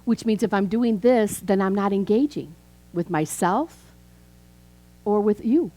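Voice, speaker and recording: A woman in her fifties from Chicago, a minister, gives a conversational sermon at a measured pace. Her voice is mid-range with a dark tone, and she tells stories and acts out dialogue on a low-quality recording.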